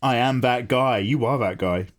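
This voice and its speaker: A man chats his way through an art livestream, greeting viewers and reading messages aloud. His voice sits in an ordinary middle pitch, and his talk is loose, rambling and self-deprecating. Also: moderate pace. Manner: chatty, self-deprecating, reads chat aloud. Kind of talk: casual livestream chat.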